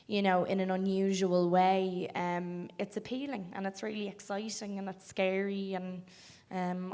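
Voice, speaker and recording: A young woman with an Irish accent, an actress chatting thoughtfully in an interview, with frequent pauses and ums. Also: medium pitch. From Ireland. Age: young adult. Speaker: film actress guest. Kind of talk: casual interview chat.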